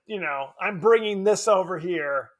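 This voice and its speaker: A man co-hosting a podcast, chatting casually about a film in an animated, joking, self-deprecating way. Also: high voice, a little slow. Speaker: podcast co-host. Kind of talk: casual film review chat.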